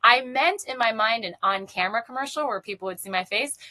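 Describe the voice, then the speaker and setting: A woman in her thirties, a guest in an interview, talking earnestly and quickly with light laughs. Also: a little high, bright, forceful tone, no room sound. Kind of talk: casual interview talk.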